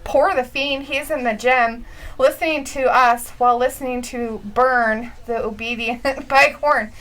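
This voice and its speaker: A woman's voice: a little high, steady tone, unhurried, a bit bright, poor audio. A woman co-hosting a casual live stream, giggling often and reading out chat messages. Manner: giggly, reads chat aloud.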